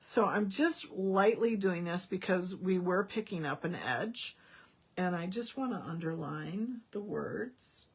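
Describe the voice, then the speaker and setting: A woman with a lowish, husky voice demonstrates card-making for Stampin' Up, expressive and measured in pace. The demo is casual, with her chatting in a folksy way and thinking aloud as she works.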